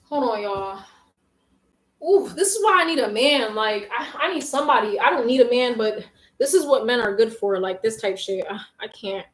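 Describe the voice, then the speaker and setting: A woman's voice: on the high side, animated, normal speed. A young woman livestreaming from her bedroom, chatting candidly with viewers in slangy talk while out of breath from making her bed. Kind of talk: casual livestream chat. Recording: echoey room with faint noise.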